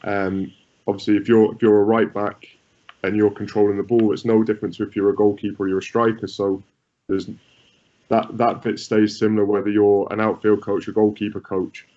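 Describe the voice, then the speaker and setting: Guy coaching goalies, low steady voice, kinda muffled lo-fi sound. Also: fairly quick. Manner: repeats words, many restarts. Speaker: goalkeeping coach, guest. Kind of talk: conversational interview answers. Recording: muffled lo-fi audio.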